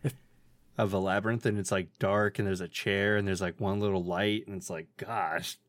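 Deep-ish playful man on a podcast. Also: little pitch movement, moderate pace, no room sound, clean studio sound. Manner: rambling, playful. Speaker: podcast co-host. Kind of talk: casual chat.

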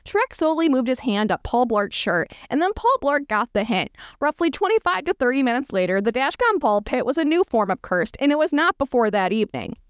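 Woman host, comedic read-aloud, fairly high voice, dry sound. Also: sing-song, brisk, few pauses, clean tone, dry recording. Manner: reading aloud with self-aware asides. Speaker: podcast host.

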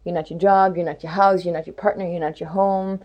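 A woman's voice: fairly low pitch, fairly even intonation, brisk, muffled recording. A woman hosting a spiritual talk in a rambling, reflective monologue with playful rhymes and many fillers. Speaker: spiritual podcast host.

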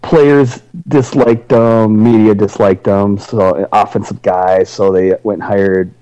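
Dark-voiced sports podcaster. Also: male voice, lowish voice, slow pace, muffled recording. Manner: animated, sarcastic, rambling. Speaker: podcast co-host. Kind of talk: casual sports chat.

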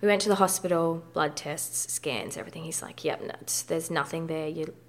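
This guest, a woman in her thirties, has a gravelly, low-sitting voice with fairly even intonation and a brisk pace. In a candid personal interview, she is frank and conversational, with mild swearing.

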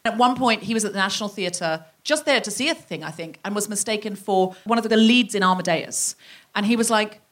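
A woman's voice: mid-range voice, brisk, a bit bright. A woman hosting a live podcast interview in a theatre, enthusiastic and emphatic. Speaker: podcast host.

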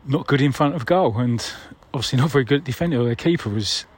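A man's voice: medium pitch, fast talker, husky. A man leaving a casual voicemail, conversational and wry, with mild swearing.

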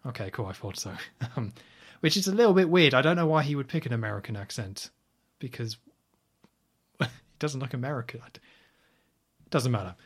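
A man's voice: medium pitch, expressive, moderate pace, pauses often, husky. A man hosting a podcast, casually retelling film scenes in a rambling, opinionated way. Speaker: podcast host. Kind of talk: casual film recap chat.

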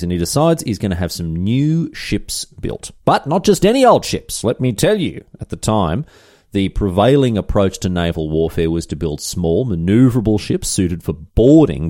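A man's voice: lowish voice, dark tone, dry recording, clean studio sound. Irreverent man telling history. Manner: irreverent, chatty asides and swearing. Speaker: podcast host. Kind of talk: comedic history storytelling.

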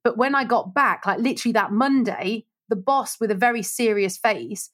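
A woman radio presenter, a guest in an interview, telling stories in a lively chat and acting out the voices of the people she quotes. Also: fairly high pitch, normal speed. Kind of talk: casual storytelling interview.

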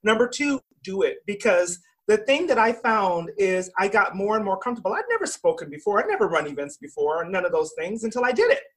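A woman's voice: mid-range voice, very animated, fairly quick, few pauses. A woman with a mid-range voice speaks as an interview guest. She is enthusiastic and tells personal stories, laughing easily as she goes. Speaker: guest, event organizer. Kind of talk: casual interview chat.

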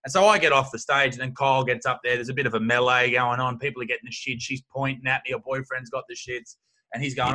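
A man's voice: mid-range voice, fairly even intonation, quick pace, pushed and bright. A man, a stand-up comedian, telling brash, sweary stories in casual chat.

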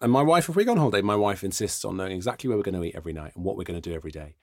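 A middle-aged man with a southern English accent hosting a podcast, enthusiastic and teasing, quick to laugh. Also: sits low, lively intonation, no room sound, clean studio sound. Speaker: podcast host. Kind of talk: casual interview chat.

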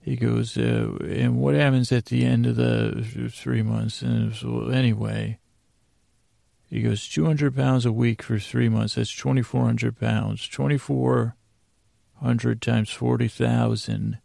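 Gravelly, flat-voiced man rambling sleepily. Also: medium pitch, dry recording, studio quality. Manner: meandering, halting, with many uhs and self-corrections. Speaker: podcast host. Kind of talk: rambling sleepy recap of a TV episode.

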